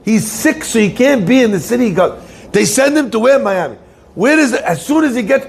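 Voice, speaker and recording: A man's voice: very high-pitched, fairly quick, gravelly, husky. A man preaching as a rabbi, telling a story in his sermon and putting questions to his listeners. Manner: animated storyteller who asks the listeners questions.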